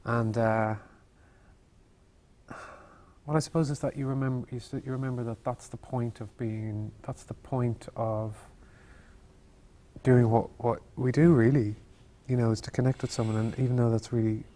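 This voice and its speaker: A man of middle pitch talks through a memory in an interview, pausing and restarting as he searches for words. His delivery is thoughtful and unhurried rather than polished. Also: fairly even intonation, warm tone. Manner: halting, thoughtful, circles back on words. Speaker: actor as interview guest. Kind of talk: Q&A interview, reflective storytelling.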